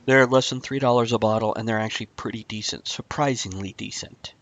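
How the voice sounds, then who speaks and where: A man's voice: lowish voice, fairly even intonation, brisk, a bit bright. A man hosting a casual online talk show, chatty and teasing, often laughing. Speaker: podcast host. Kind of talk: casual chat.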